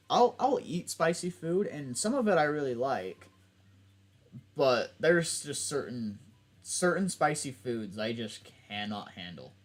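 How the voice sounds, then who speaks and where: A young man chatting casually while playing a video game, rambling and restarting his sentences. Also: fairly high pitch. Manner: rambling, self-interrupting, laughs often. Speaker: gaming YouTuber. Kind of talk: casual let's play chat.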